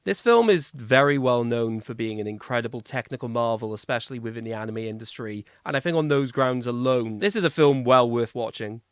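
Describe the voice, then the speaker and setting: A man's voice: mid-range voice, lively intonation, a little fast, hardly any pauses, smooth, no echo. A man co-hosts a casual podcast in a mid-range voice. He teases and jokes in easy banter, and his voice is recorded close and dry. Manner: playful and jokey. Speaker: podcast co-host.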